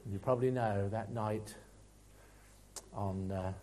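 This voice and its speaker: A man preaching a sermon earnestly, rising to loud emphasis and dropping to quiet asides. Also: on the low side, steady tone, unhurried, slight background noise.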